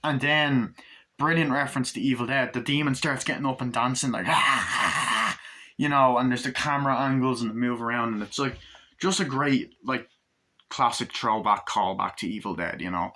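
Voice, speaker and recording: A man giving a casual, rambling spoken film review, acting out scenes in squealing high voices as he goes. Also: a little fast, sharp tone. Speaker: movie reviewer.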